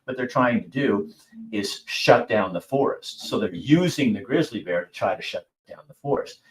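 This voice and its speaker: A man's voice: on the low side, expressive, normal speed, reverberant, poor audio. A middle-aged man hosting a show, talking bluntly and casually, swearing and mimicking people in raised voices. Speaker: host. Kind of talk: casual opinion monologue.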